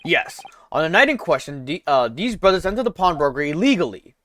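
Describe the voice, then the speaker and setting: A man voicing a haughty, aristocratic male prosecutor in a slow, formal, disdainful delivery. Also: on the high side, very animated, fairly bright tone, slight background noise.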